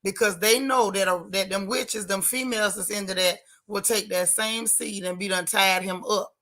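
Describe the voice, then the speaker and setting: A woman's voice: medium pitch, steady tone, moderate pace, a bit bright. A woman hosting a casual live chat, blunt and sassy, reading viewer comments aloud. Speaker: livestream host.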